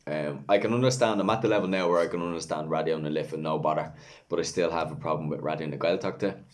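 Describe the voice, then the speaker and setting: Low-voiced Dublin man, candid chat. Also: quick pace. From Ireland. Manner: candid, rambling, swears freely. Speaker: vlogger, English language teacher. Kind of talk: casual chat.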